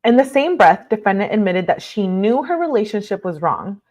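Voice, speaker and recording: A woman's voice: mid-range voice, sing-song, moderate pace, darkish tone. Outraged woman reading aloud live. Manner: reads aloud then reacts with blunt outrage, filler-heavy. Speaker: livestream host reading court documents. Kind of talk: casual live commentary.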